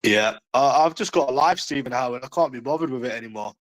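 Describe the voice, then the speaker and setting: A man with a London accent talks loosely to his livestream viewers. His voice sits at an ordinary middle pitch, and he is blunt and mocking, with frequent swearing. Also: quick pace, poor audio. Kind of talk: casual livestream chat to viewers.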